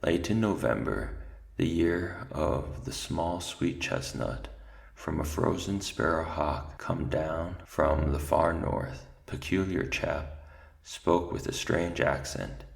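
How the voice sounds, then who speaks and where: A man reading aloud gives voice to an ancient male mouse archivist, doddering and forgetful, muttering little asides before settling into a grave recital. The voice sits very low and heavily gravelly. It is a storybook character, not a stage performance. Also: slow pace, heavily acted.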